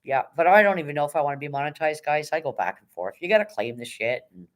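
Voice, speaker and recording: A woman hosting a casual livestream, reading chat and cheering viewers on in a hyped, rapid auctioneer-like patter, swearing now and then. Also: sits low, expressive. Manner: chatty, encouraging, swears casually. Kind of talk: casual live-stream chat.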